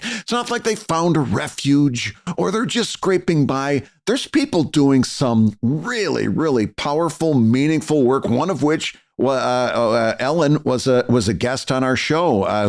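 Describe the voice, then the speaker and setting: A man's voice: mid-range voice, vocal fry. A middle-aged man co-hosting a podcast, giving earnest advice in casual chat with lots of fillers and restarts. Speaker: podcast co-host.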